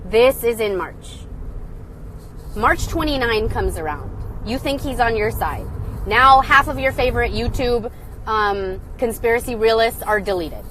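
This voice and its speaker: A woman's voice: on the high side, lively intonation, a little slow, fairly bright tone, a little hiss or hum. Angry, sarcastic woman ranting on a phone live. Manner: sarcastic, blunt, swearing. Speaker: livestream host. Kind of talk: angry livestream rant.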